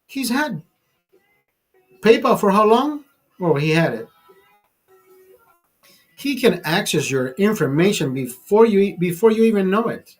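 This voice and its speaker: A man's voice: high voice, big pitch swings, a little slow, long pauses, slightly rough, faint music behind. Heated, swearing man ranting. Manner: profane, heated, repetitive restarts. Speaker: channel host. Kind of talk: political rant.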